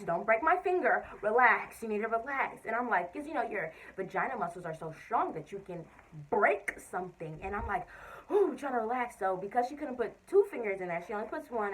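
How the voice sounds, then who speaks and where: A young woman tells a story-time vlog. Her voice is fairly high, and she keeps jumping into voices for what people said. She sits a little away from the mic, so the sound is a touch distant. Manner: animated, expressive storytelling with quoted voices. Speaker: vlogger.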